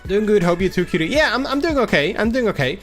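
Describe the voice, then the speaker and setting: A young man hosting a casual livestream, rambling and halting with many restarts while a little under the weather. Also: high voice, expressive, a bit bright, faint music behind. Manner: acts out quoted people in a raised voice. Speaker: livestream host.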